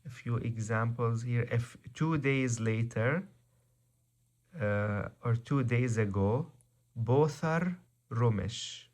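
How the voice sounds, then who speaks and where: A man teaching a vocabulary lesson, slow and methodical, repeating each word. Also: mid-range voice, darkish tone. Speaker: language teacher.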